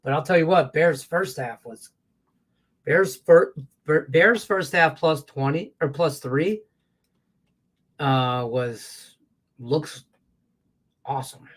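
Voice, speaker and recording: Profane, excitable betting show host. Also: male voice, takes it slowly, long pauses. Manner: profane, excitable, rants then mutters low. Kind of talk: live betting commentary.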